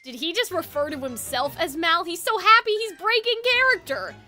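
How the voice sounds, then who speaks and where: A woman streaming a game, reacting in excitable, laughing commentary. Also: extremely high pitch, normal speed, faint music behind.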